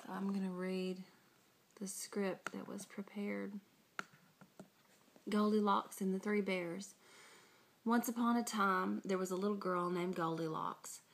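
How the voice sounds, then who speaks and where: A woman in her thirties from Arkansas with a Southern accent, introducing herself and reading a story for a dialect sample in a measured, soft-spoken way. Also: mid-range voice, steady tone, slight background noise. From Searcy, Arkansas, US South.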